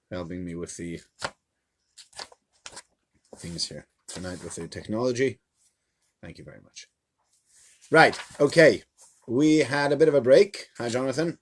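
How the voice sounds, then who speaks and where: A man, a rabbi, teaching a live-streamed Torah lesson to a small audience in a room, in an animated, chatty storytelling manner. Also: sits low, slight background noise. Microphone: camera mic.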